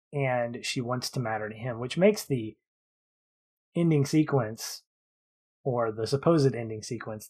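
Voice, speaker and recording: Thoughtful man discussing a film. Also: mid-range voice. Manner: thoughtful, builds points in long runs. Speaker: podcast co-host.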